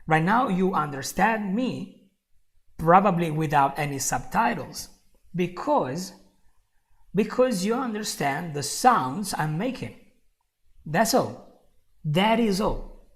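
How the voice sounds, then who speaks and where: In a live online English lesson, a female teacher speaks in a lowish, animated voice, slowly and with frequent pauses. She repeats her main points, chuckles often, and addresses the viewer as "my friend."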